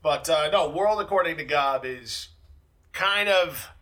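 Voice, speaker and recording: A man co-hosting a casual music podcast, retelling comedy bits with animated impressions. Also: on the high side, measured pace. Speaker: podcast co-host. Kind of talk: casual chat.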